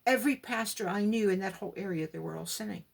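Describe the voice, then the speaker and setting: A woman gives an emphatic personal religious testimony and acts out the dialogue in her story. Her voice is gravelly and husky. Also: mid-range voice, quick pace. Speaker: guest giving testimony.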